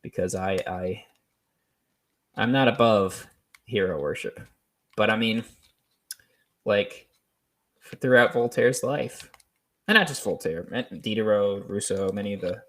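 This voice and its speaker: A man hosting a solo show, talking off the cuff in a rambling, hesitant way with many pauses, restarts and small laughs. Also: on the low side, fairly bright tone. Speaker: podcast host. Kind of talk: unscripted solo commentary.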